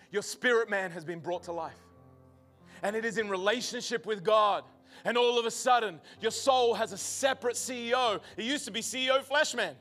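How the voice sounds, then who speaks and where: Guy preaching in church, high bright voice, goes loud then quiet and earnest. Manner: dynamic preaching, rising to loud emphatic peaks; drops to a quiet, earnest close. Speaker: pastor. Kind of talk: sermon. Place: church service before a congregation.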